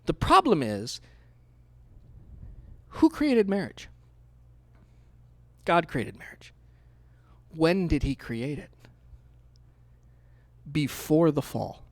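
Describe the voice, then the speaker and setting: A man pastor preaching a sermon in a conversational, storytelling way, swinging between hushed asides and loud outbursts. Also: fairly high pitch, sing-song, drawn-out words, creaky, pauses often, dry recording.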